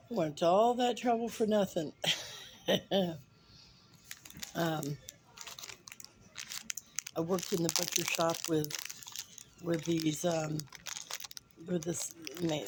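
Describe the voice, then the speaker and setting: A woman in her fifties, a vlogger, tells a funny personal story in a chatty manner, using fillers and acting out quotes. Her voice is on the low side and a little mellow, and the poor audio carries slight background noise.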